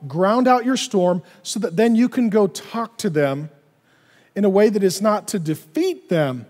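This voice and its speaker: A male pastor preaching a sermon in an animated way, acting out little dialogues in other voices. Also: sits high, a little slow, long reverb tail.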